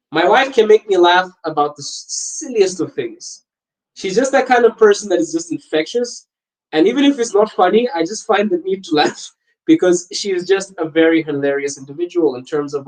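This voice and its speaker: A man's voice: sits high, poor audio. A young man from Botswana hosting a podcast livestream, chatting casually, joking and laughing often while reading viewer comments. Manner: laughs often, animated and jokey. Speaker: podcast host reading live chat. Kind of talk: casual live-stream chat.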